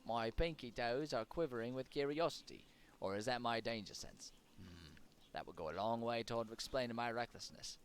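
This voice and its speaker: A man's voice: medium pitch, normal speed, a little hiss or hum, close to an everyday voice. A man putting on a cocky, chatty halfling rogue with a wobbly accent. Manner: wavering accent between British, Irish and Australian. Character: boastful roguish halfling thief, talkative. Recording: game music behind.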